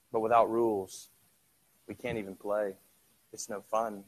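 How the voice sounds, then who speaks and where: Middle-aged guy preaching, chatty, tosses questions at the crowd, gets quiet then loud. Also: lowish voice, little pitch movement, measured pace, pauses often. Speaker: pastor. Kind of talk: sermon.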